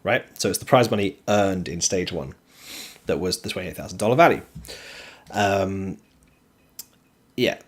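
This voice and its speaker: A man hosting a stream, talking through esports ranking rules in a steady, explanatory way with frequent ums. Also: low voice, measured pace, long pauses. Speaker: streamer host. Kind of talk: casual esports commentary.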